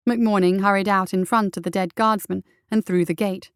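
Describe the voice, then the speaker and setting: A woman narrating a piece of fiction in a steady, measured storytelling voice. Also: medium pitch, smooth, no echo, clean studio sound. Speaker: reader.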